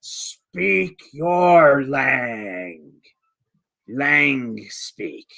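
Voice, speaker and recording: A man's voice: medium pitch, sing-song, extremely slow, gravelly, bright, forceful tone, exaggerated voice. A man voicing a huge female giant who talks in simple broken words. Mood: earnest.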